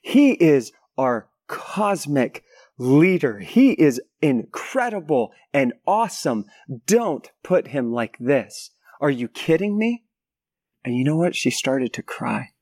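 A man in his thirties preaches with animated storytelling, acting out voices and little sound effects as he goes. His voice sits a bit high for a man, and the sound is close and dry with almost no room echo. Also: takes it slowly. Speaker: guest pastor. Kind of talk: sermon.

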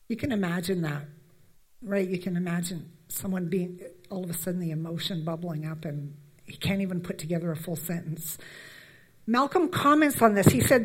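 A woman's voice: fairly low pitch, fairly quick. A woman in her fifties from Canada, giving a conversational church talk with many fillers and friendly asides. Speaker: church speaker. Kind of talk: conversational sermon.

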